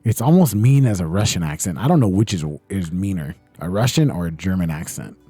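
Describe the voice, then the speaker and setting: A man's voice: sits low, expressive, fairly quick, warm tone, breathy edge, no echo, faint music behind. A young man hosting a casual livestream, chatting loosely and reading out chat messages, swearing often. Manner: laid-back, loose, swears often, reads chat aloud. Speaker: livestream host. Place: home streaming setup.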